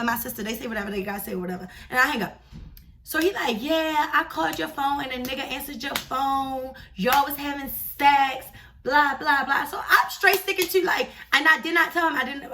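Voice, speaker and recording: High bright animated young woman. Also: distant mic, slight background noise. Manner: animated, chatty, slangy storytelling. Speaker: vlogger. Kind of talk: casual storytime vlog.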